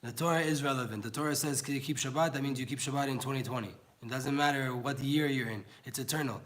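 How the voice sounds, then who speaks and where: A man's voice: mid-range voice, quick pace, fairly bright tone. Earnest man teaching a Torah class. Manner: earnest, pleading, conversational. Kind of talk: informal Torah class talk.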